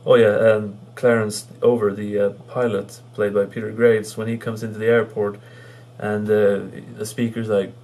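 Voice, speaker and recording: In this relaxed film review, the man's lowish voice stays fairly flat in pitch and a bit mellow. His delivery comes in stop-start bursts packed with ums and restarts, and he laughs while recounting his favorite jokes.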